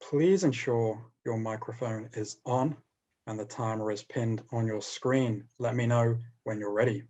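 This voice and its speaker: A man's voice: mid-range voice, fairly even intonation, a little slow, darkish tone. A man acting as contest master on a video call. He speaks in a polite, procedural way as he checks microphones and introduces the next speaker.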